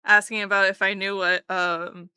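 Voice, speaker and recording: A woman's voice: medium pitch, little pitch movement, moderate pace, pushed and bright, clean tone, no room sound, clean studio sound. A woman streamer chatting casually with her live chat while drawing, playful and teasing, often repeating words.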